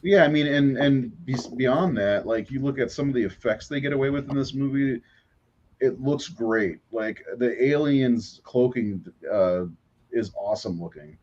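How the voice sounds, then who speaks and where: A man's voice: medium pitch, measured pace, a little mellow, lo-fi sound, a little hiss or hum. A man co-hosting a casual movie podcast, gushing enthusiastically, with lots of fillers and swearing. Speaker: podcast co-host.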